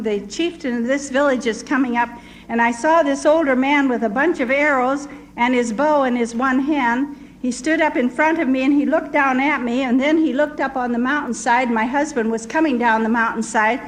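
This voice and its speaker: A woman's voice: a little high, poor audio. An older woman, a missionary, telling her story in an earnest, vivid way. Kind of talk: storytelling testimony.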